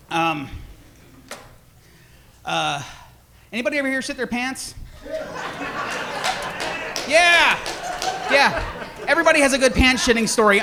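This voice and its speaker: A man in his forties with a high, bright voice performs a stand-up set on a club stage. He rambles through self-deprecating stories, stumbling into restarts, while an audience laughs behind him. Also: slight background noise. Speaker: stand-up comedian.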